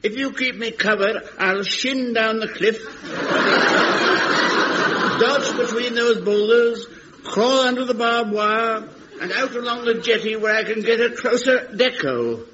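A gentle, frail private in his eighties who speaks slowly. His voice sits high. Loud noise and a dull, lo-fi sound run under the old recording. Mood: eager. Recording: lo-fi archive radio with loud noise.

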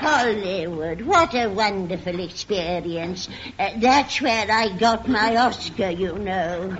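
A woman playing an aging former film star who reminisces grandly and saucily, in a lo-fi radio recording with a loud audience. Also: mid-range voice, expressive, slow, background noise. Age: older.

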